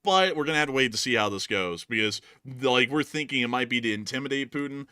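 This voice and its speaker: A man's voice: mid-range voice, lively intonation, quick pace, sharp tone, clear, resonant tone, no room sound, clean studio sound. A man hosting a casual news livestream, joking and talking loosely with fillers. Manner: joking, puts on funny voices, fillers. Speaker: host of a war news livestream. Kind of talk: casual news commentary with jokes.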